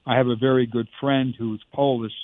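A man's voice: medium pitch, little pitch movement, a little fast, no room sound. A man who is a theater director, speaking matter-of-factly and directly in an interview, over a tinny phone-like line. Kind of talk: casual interview.

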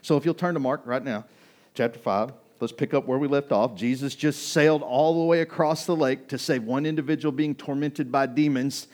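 A man preaching a sermon in a relaxed, conversational way, telling a personal story and turning to ask his congregation questions. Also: mid-range voice, normal speed. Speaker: pastor. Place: restaurant used as a church hall.

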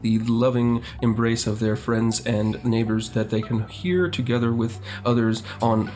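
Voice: medium pitch, fairly even intonation, unhurried, darkish tone, faint music behind. A podcast co-host reading a rambling, absurd sponsor spot. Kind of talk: comedy podcast banter.

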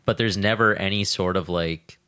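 A man's voice: low voice, normal speed, bright, forceful tone, no room sound, clean studio sound. A young man in casual, crude podcast chat, talking loosely with many fillers.

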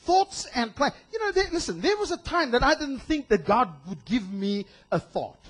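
A male pastor preaching a sermon in an animated way, acting out voices and shouting for emphasis. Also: very high-pitched, normal speed.

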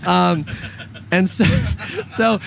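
A man's voice: sits high, big pitch swings, very slow, vocal fry, over music. A man co-hosting a casual talk show, rambling with lots of fillers and restarts and laughing often. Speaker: podcast co-host. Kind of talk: casual chat with banter.

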